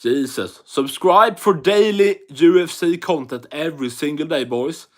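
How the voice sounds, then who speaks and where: A man from Sweden with a Swedish English accent hosts a casual MMA livestream. He swears often, jokes around and reads viewer messages aloud. His voice sits on the high side and his pace is slow. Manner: profane and joking, reads chat aloud.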